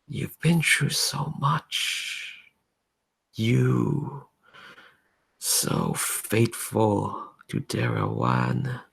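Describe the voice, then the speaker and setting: A man voicing an otherworldly voice that praises a faithful follower in a hushed, slow way. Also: lowish voice, wildly swooping pitch, creaky, breathy edge, heavily acted. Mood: reverent.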